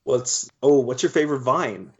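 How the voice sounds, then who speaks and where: A man's voice: medium pitch, normal speed, husky, dull audio. A man joking around in casual podcast chat, with wry asides and the odd swear. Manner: jokey, wry asides, profanity.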